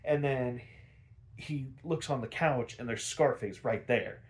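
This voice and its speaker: A man's voice: mid-range voice, unhurried. A man hosting a casual episode recap who rambles with fillers and restarts, swears casually, and says he is tired. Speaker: podcast host.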